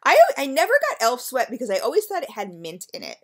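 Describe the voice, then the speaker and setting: A woman's voice: fairly high pitch, sing-song, fast, a bit bright. A woman reviewing scented wax melts in a casual home vlog, chatty and gushing, talking straight to her viewers with frequent ums.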